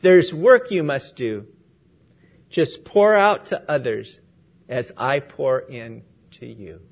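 A man voicing a gentle master who chooses a broken clay vessel, in a spoken poem. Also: high-pitched, animated, slow pace, full character voice. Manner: gentle, kindly.

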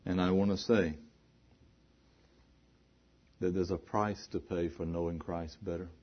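A man's voice: sits low, steady tone, a little slow. A male preacher delivering an emphatic sermon, repeating phrases and posing rhetorical questions. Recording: dull lo-fi recording.

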